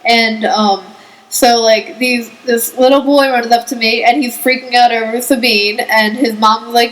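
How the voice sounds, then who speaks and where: A teenage girl co-hosting a podcast, telling stories in a lively way, saying "like" a lot and acting out what people said. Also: a little high, fairly quick, low-quality recording. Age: teens. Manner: lively storyteller, acts out quotes, says "like" a lot. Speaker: podcast co-host. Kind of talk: casual chat.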